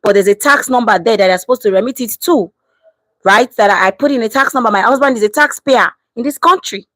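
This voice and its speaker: A woman's voice: fairly high pitch, fast talker, no echo, low-quality recording. Chatty Nigerian woman live-streaming. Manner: animated, switches into Nigerian Pidgin. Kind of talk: casual live-stream chat, reading comments.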